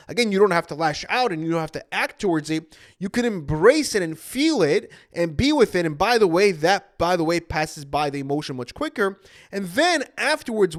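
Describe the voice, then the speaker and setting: A man in his thirties with a high, lively voice that swoops up and down as he speaks. He is an anxiety coach giving an earnest motivational talk, repeating his points and calling his listeners "guys". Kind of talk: motivational self-help talk.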